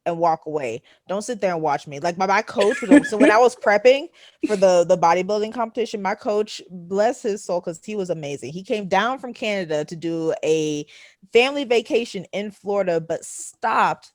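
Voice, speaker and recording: A woman's voice: medium pitch, normal speed, no echo, clean studio sound. A woman co-hosting a podcast, chatting casually and animatedly, often acting out little scenes. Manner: animated, laughing, acts out scenes. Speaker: podcast co-host. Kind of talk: casual chat.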